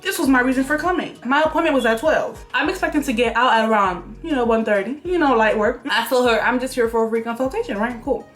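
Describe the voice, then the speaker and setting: A young woman telling viewers a story in a casual vlog at home, animated and chatty, acting out what people said to her. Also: fairly high pitch, quick pace, hardly any pauses, faint music behind. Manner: animated, talks straight to viewers, acts out quotes. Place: room at home by an open window.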